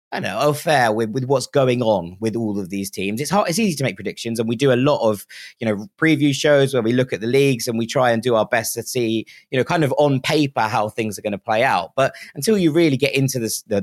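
A man's voice: medium pitch, dry recording. Upbeat male podcast host. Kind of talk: football podcast hosting.

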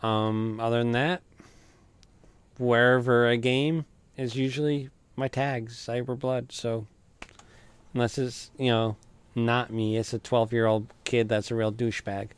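A man's voice: medium pitch, a little slow, clean tone, no room sound. A man, a podcast guest, chatting casually and listing where to find him. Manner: relaxed, spells out handles. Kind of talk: casual chat.

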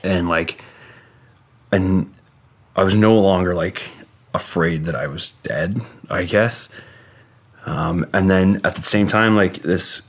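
Brief: man with a very low voice, casual guest storyteller, rambling and halting, swears freely.

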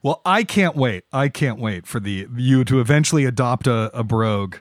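Animated male podcast host, dry sound. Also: medium pitch, moderate pace, dry recording. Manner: playful teasing, animated. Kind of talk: casual chat.

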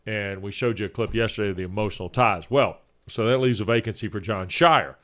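A man in his fifties co-hosting a sports talk show, laying out his points in a measured, orderly way. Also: fairly low pitch, fairly bright tone. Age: 50s. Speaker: sports radio co-host.

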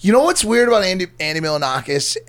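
A man's voice: high voice, big pitch swings, quick pace, a bit bright. A man in his late thirties co-hosting a podcast, joking and teasing his co-host. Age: late 30s. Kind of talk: casual chat.

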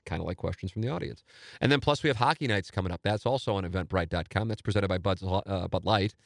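A man with a St. hosts his own podcast, talking on his own in a loose, rambling way. He sounds eager and pokes fun at himself. His voice sits a little low, recorded close and dry with no room sound. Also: quick pace, creaky, no room sound. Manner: rambling, enthusiastic, self-deprecating. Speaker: podcast host. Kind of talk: casual solo podcast talk.

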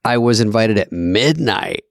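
A man's voice: fairly low pitch, animated, unhurried, creaky, no echo, clean studio sound. A man co-hosting a comedy podcast, telling rambling, self-deprecating stories in casual chat. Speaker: podcast co-host.

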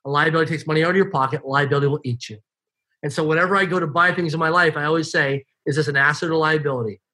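Guy with a high-ish husky voice telling stories on an interview, animated and emphatic. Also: very fast. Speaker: interview guest. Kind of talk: casual storytelling.

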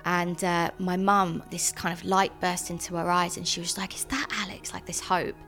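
Young adult woman, lower register, earnest and hesitant interviewee, soft music underneath. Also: little pitch movement. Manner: earnest, halting, with frequent ums and restarts. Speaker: interviewee, sister of a convicted man. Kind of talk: personal account in an interview.

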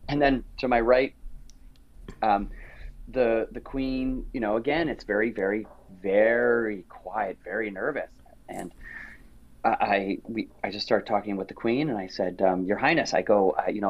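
Lively middle-aged male singer telling stories. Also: on the low side, moderate pace, muffled recording. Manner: lively, acts out quoted voices, frequent restarts. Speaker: singer being interviewed. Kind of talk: animated storytelling interview chat.

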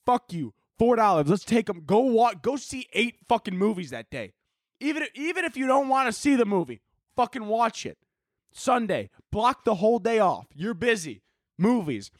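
A man's voice: sits high, very animated, moderate pace, no echo, clean studio sound. A young man hosting a podcast, rambling through casual, profane, jokey chat and laughing often. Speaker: podcast host.

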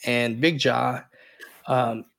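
A man co-hosting a sports podcast rambles casually as he breaks down the team, hedging constantly with repeated fillers. His mid-range voice is gravelly and a bit bright, very slow, with fairly even intonation.

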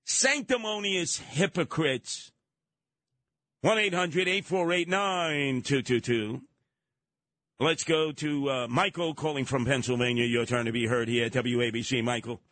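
A man hosting a radio talk show, trading opinions with callers in an animated, mocking way that slips into acted voices. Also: medium pitch, normal speed, no room sound.

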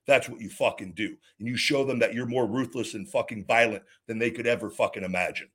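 A man's voice: on the low side, a little fast, husky. Heated, foul-mouthed middle-aged man host. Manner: profane, heated ranting that swings to calm, rambling advice; repeats words and restarts often. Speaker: show host answering viewer questions. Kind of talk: unscripted livestream chat.

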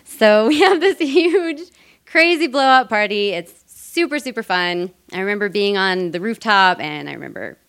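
A woman's voice: mid-range voice, animated, normal speed, fairly bright tone, smooth. A woman from Colorado telling a personal story on stage, chatty and casual, laughing often. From Colorado, USA. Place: theater stage before a live audience.

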